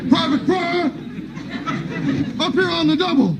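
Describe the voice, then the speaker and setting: A comedian playing a cold, menacing army drill sergeant who speaks slowly and formally. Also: male voice, very high-pitched, a loud crowd, voice pushed up. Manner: slow, measured, coldly formal. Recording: noisy old TV broadcast.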